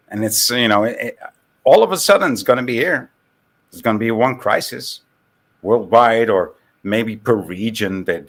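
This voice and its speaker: A man's voice: on the low side, fairly bright tone. A man with a Dutch accent talking casually on a call-in stream, rambling and restarting his sentences. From Netherlands. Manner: rambling, repeats words and restarts.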